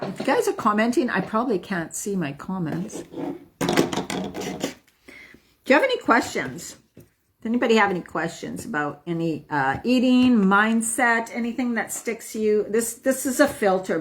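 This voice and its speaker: A woman's voice: medium pitch, big pitch swings, normal speed, long pauses, a little hiss or hum. A woman health coach talking casually to viewers on a live stream, emphatic and upbeat, often asking "right?".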